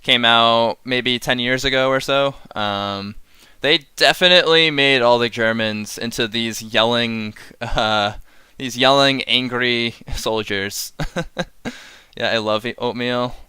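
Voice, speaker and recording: A man's voice: mid-range voice, slow pace, sharp tone, clean tone, dry recording. A man casually reviewing game cards on a live stream, rambling and chuckling as he chats with viewers.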